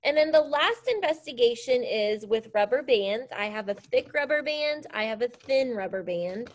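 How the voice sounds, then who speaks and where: Upbeat teacher woman, fairly high voice. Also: lively intonation, moderate pace. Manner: upbeat, encouraging, explains step by step. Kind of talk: classroom science demonstration.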